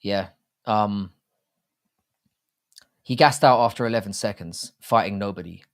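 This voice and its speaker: A man's voice: lowish voice, unhurried. A man hosting a casual live stream, talking in a rambling, jokey and crude way with many restarts. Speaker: livestream host. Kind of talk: casual live-stream chat about fight betting.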